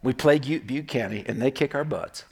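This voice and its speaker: A middle-aged male pastor preaching a sermon in a conversational, storytelling way, often checking in with the congregation with a quick "right?". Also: medium pitch, darkish tone, slightly rough.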